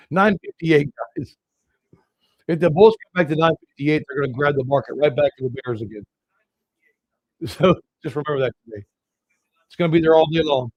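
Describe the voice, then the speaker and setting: A man's voice: on the high side, darkish tone, breathy edge, no echo, rough recording. Casual man talking through trading charts. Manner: casual, talks to viewers as "guys", walks through chart levels. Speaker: trading show host. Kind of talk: live market commentary.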